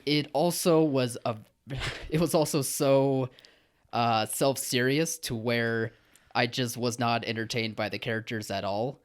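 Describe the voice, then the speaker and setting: A man's voice: mid-range voice, steady tone, measured pace, smooth. A man co-hosting a podcast, giving a film review in casual chat, earnest and hesitant with frequent restarts.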